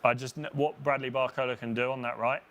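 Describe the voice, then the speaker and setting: A man co-hosting a football watchalong, calmly explaining tactics and substitutions in casual talk. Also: mid-range voice, fast talker, slight background noise. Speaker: watchalong co-host, tactics pundit.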